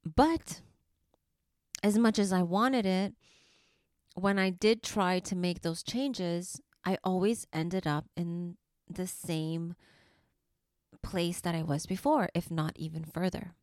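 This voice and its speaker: A woman hosting a spiritual podcast for mothers, speaking softly and affectionately and sometimes dropping to a whisper. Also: lowish voice, takes it slowly, pauses often, dry recording, clean studio sound. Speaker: podcast host and life coach. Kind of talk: slow, soothing spiritual podcast talk.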